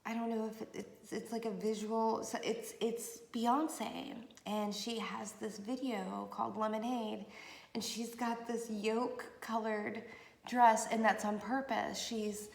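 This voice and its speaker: A woman's voice: fairly high pitch, flat delivery, slow, gravelly, echoey room. A woman doing a late-night tarot reading, talking in a meandering, emotional way to her viewers. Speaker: tarot reader. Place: room at night.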